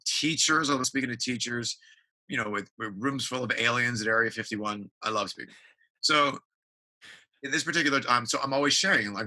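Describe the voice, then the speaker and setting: A man's voice: mid-range voice, pushed and bright, rough recording. A man chatting as a podcast guest, telling stories energetically, acting out quotes and swearing casually. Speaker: guest, TV builder. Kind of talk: casual interview chat.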